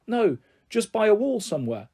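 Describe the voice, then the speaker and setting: A man voicing a timid young girl who speaks softly and hesitantly. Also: high voice, big pitch swings, moderate pace, breathy edge, voice pushed up, exaggerated voice. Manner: soft, hesitant, pleading.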